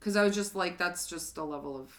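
A woman's voice: lowish voice, a little fast. A woman in her thirties chats casually on a podcast. She tells stories in a loose, filler-heavy way and slips into quoted lines. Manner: storytelling with lots of fillers and acted quotes. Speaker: podcast co-host. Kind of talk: casual chat.

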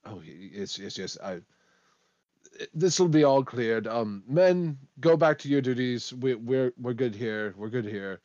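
A man's voice: mid-range voice, animated, a little slow, a little mellow, no echo, highs cut off, natural voice. A man voicing a male guard captain, stern and suspicious at first, then stammering and flustered.

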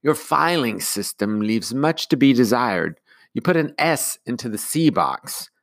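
A man's voice: mid-range voice, expressive, measured pace, dry recording, clean studio sound, voice pushed up. A man voicing a prim, exacting woman who speaks in a clipped, critical way in a storybook reading.

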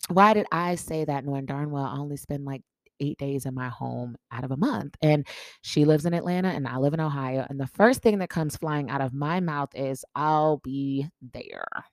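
A woman with a low voice hosts her podcast and tells her stories in a playful, chatty way, teasing the listener with "guess what" and joking along. Her voice comes through a podcast mic, close and dry, with little room sound. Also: fairly quick, darkish tone, no echo. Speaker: podcast host. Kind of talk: casual podcast storytelling.

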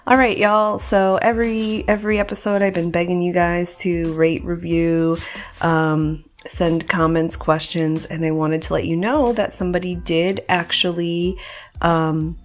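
A woman's voice: lowish voice, steady tone, unhurried, faint music behind. A woman hosting a podcast in casual chat, talking in a loose, chatty way with many fillers and restarts. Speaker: podcast host.

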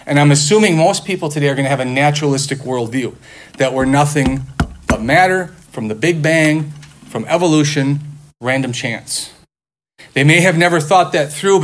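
A man teaching a class in front of a board, lecturing conversationally and firing off rhetorical questions and mock back-and-forth exchanges. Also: on the high side.

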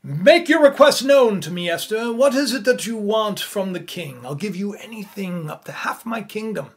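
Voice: mid-range voice, animated, normal speed, breathy edge. A preacher speaking as a grand, generous king. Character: generous commanding ancient king.

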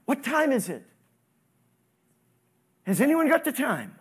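A man preaching a sermon, with sudden rises in pitch and volume and questions to the congregation. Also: very animated, slow pace, long pauses, husky. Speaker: pastor.

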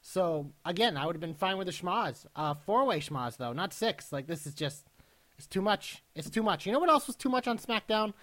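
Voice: medium pitch, animated, normal speed, fairly bright tone. A co-host of a wrestling podcast in casual chat, asking exasperated, incredulous questions.

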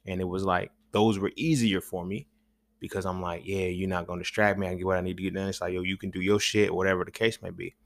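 Speaking fast in a low, level voice with vocal fry, a male podcast host runs through a loose, rambling monologue. It's profane and packed with slang, and he keeps asking "you feel me."

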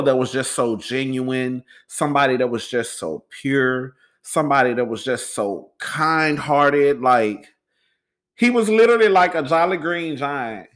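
A man's voice: medium pitch, a bit bright. A man hosting his own podcast in loose, rambling casual talk, calling his listeners y'all and sounding emotional and wavering as he shares personal news. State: emotional, voice wavering while recounting a loss. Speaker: podcast host.

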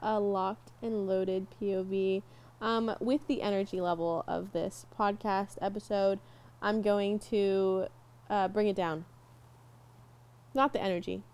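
A young woman co-hosting a casual podcast, animated and quick to laugh, easily moved while telling a story. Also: mid-range voice. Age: young adult. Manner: animated, laughs easily, gets teary and emotional. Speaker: podcast co-host. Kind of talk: casual chat.

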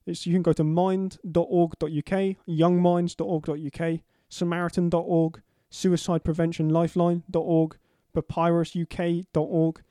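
A man's voice: fairly high pitch, flat delivery, moderate pace, few pauses, dark tone, dry recording, clean studio sound. A young man co-hosting a casual podcast chat, agreeable and a little hesitant, with restarts. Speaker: podcast co-host.

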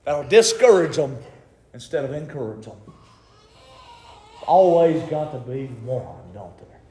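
A man preaching a sermon, impassioned and rising to shouts. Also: on the high side, big pitch swings, unhurried, pauses often. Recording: echoey room.

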